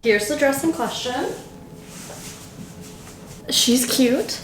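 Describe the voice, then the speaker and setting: A woman's voice: high voice, extremely slow. Bubbly young woman chatting while sewing. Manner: chatty, bubbly and self-talking while crafting. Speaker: sewing vlogger. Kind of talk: casual DIY vlog narration.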